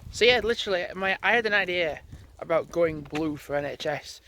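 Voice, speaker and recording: A man's voice: fairly high pitch, lively intonation, fairly quick, bright, forceful tone. A man chatting casually in a rambling way as he walks his dogs outdoors for his vlog. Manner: rambling, chatty, thinking aloud. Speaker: vlogger. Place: outdoors on a country road, walking dogs.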